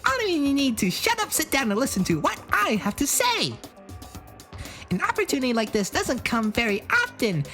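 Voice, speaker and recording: A man's voice: very high-pitched, wildly swooping pitch, moderate pace, pushed and bright, faint music behind, voice pushed up, exaggerated voice. A man voicing a brash, pushy teenage boy scheming to sneak a peek in a game. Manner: pushy, conspiratorial.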